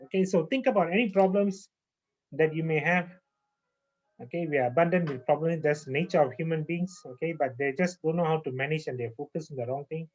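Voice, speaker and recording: A man with a slightly high voice leads a calm breathing and relaxation lesson, speaking slowly and repeating his phrases. The recording is muffled and lo-fi. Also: soft background music. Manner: calm, slow, repeats phrases with frequent okays. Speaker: naturopath and yoga teacher. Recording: muffled lo-fi audio.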